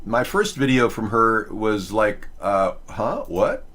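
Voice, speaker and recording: Rambling low-voiced male show host. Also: very animated, slow, fairly bright tone, a little hiss or hum. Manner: rambling, full of fillers and restarts. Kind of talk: casual chat on a live video show.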